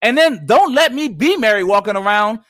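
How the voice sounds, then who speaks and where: A man's voice: sits high, lively intonation, fairly quick, fairly bright tone, dry recording, clean studio sound. A man in his thirties co-hosting a casual faith discussion, emphatic and preachy. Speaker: podcast co-host.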